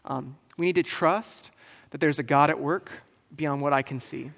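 A man's voice: fairly high pitch, moderate pace, gravelly, fairly bright tone. A male pastor preaching a sermon in a casual, joking, conversational way. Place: church sanctuary. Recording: long hall reverb.

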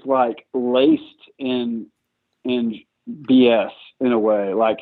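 A man guest in an interview, telling his story in a lively, self-mocking, chatty way. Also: medium pitch, takes it slowly. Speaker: guest entrepreneur. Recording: tinny phone-like line, dry.

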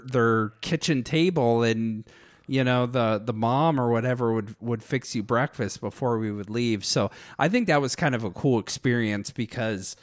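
An American man telling travel stories in casual chat, halting and full of fillers. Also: mid-range voice, no echo, clean studio sound. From United States. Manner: halting, filler-heavy storytelling.

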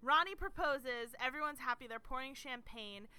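A woman's voice: high-pitched, moderate pace, bright, forceful tone, smooth. A woman co-hosting a casual movie chat, playful and self-mocking, laughing often. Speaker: podcast co-host.

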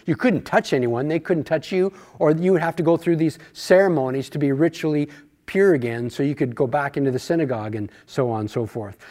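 A man leads a Bible study in a high, light voice. He explains each passage in a conversational way and poses rhetorical questions to the class. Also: dark tone.

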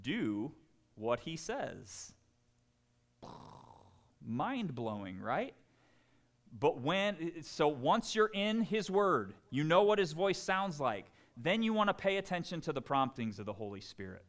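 A man preaching a sermon in an animated, conversational way, full of jokes and asides. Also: fairly high pitch, slow. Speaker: pastor.

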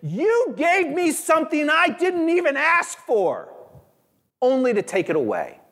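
A man's voice: very high-pitched, wildly swooping pitch, unhurried, a bit bright, in a large hall, pitched above the performer's own voice, heavily acted. A man voicing a grieving, insistent mother. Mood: pleading, anguished.

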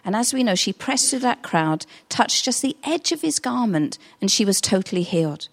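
A middle-aged woman delivers a sermon at a middle pitch. She tells stories in a conversational, earnest manner, as if chatting with her congregation. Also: expressive, moderate pace, vocal fry. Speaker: pastor.

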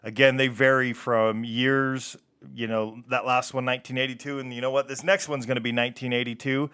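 A man's voice: mid-range voice, little pitch movement, fairly quick, pushed and bright, smooth. A man hosting a punk music radio show, talking casually between songs in a laid-back, rambling way and tripping over hard names.

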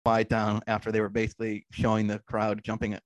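A man's voice: lowish voice, completely flat delivery, brisk, heavy background noise. Laid-back man hosting a sports podcast. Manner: laid-back, rambling match recap. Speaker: podcast host. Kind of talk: casual sports podcast chat.

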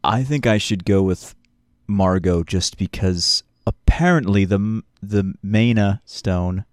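Male player, low voice, self-mocking, planning aloud, dry sound. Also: slow pace, dry recording. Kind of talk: casual tabletop game chat.

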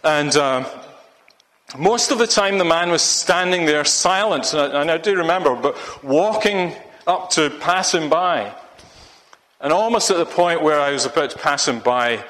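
A man's voice: fairly high pitch, lively intonation, unhurried, fairly bright tone, big-room sound. A man preaching a sermon, rambling and restarting his sentences often. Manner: rambling, with many restarts and fillers.

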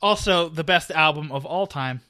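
A man's voice: a little high, moderate pace, pushed and bright, smooth, no room sound. Wry man co-host, dry close sound. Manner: wry, playfully contrary banter. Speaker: podcast co-host. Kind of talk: casual chat.

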